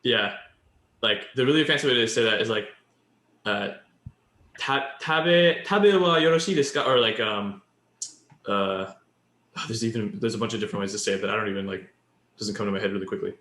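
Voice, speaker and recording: A man's voice: fairly low pitch, steady tone, a little fast, long pauses, sharp tone, echoey room. A man co-hosting a podcast, explaining Japanese in casual chat and building example after example. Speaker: podcast co-host.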